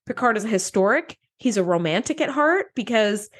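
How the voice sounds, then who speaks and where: A woman's voice: fairly high pitch, animated, fairly quick. A woman co-hosting a podcast, chatting casually and gushing enthusiastically with lots of "like.". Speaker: podcast co-host. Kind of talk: casual chat.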